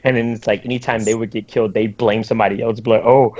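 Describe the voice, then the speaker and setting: A man's voice: lowish voice, flat delivery, racing, darkish tone. Exasperated man ranting on a lo-fi stream. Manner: ranting, exasperated, mimics other players. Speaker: podcast co-host. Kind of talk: casual gaming chat. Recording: dull lo-fi stream audio.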